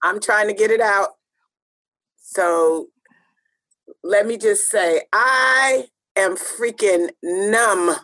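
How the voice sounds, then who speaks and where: A woman's voice: mid-range voice, drawn-out words, long pauses, a bit bright. An American woman co-hosting a podcast, talking in an impassioned, emphatic way and repeating phrases for stress. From United States. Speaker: podcast co-host. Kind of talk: casual podcast chat.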